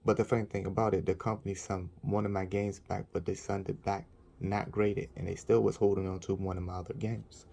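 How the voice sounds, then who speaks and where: A man's voice: low voice, little pitch movement, fairly quick, creaky, dark tone. A man telling an indignant, rambling story about a bad experience, in a casual vlog. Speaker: vlogger.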